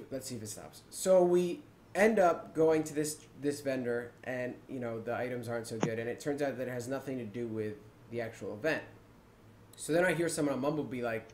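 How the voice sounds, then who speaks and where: Animated male podcast host, roomy sound. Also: mid-range voice, slight background noise. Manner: animated storytelling, acts out his own reactions. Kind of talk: casual gaming podcast chat.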